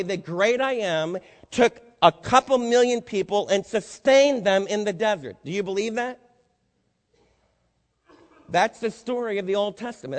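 A male pastor delivers a sermon from the pulpit, throwing rhetorical questions at his congregation. His voice sits somewhat high for a man. The sound carries a long reverb from a large church hall. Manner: preaching with rising intensity, rhetorical questions to the congregation. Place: church sanctuary.

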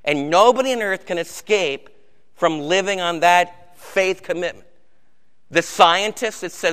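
A man's voice: high voice, measured pace, fairly bright tone, smooth. A man preaching a sermon as pastor, conversational, with rhetorical questions to the congregation. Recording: hall reverb.

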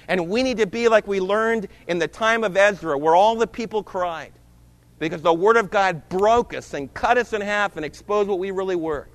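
A man with a high-pitched voice delivers a sermon from the pulpit, dramatic and emphatic. He rises to loud declarations, then drops to low, hushed phrases. His words trail off into the long reverb of a large church hall. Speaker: pastor.

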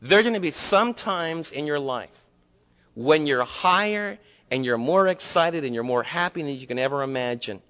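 High bright guy preaching, earnest, gets loud then real quiet, big reverby hall. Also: expressive, moderate pace. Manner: earnest, swings from loud emphatic highs to hushed low passages. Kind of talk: sermon.

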